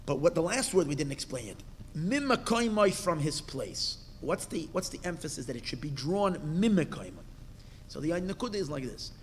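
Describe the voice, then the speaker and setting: A man's voice: a little high, lively intonation, fairly quick, darkish tone, slight background noise. A man, a rabbi, giving a Torah class. He reads a Hebrew text phrase by phrase and explains each in English, with emphatic bursts and questions. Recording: long hall reverb.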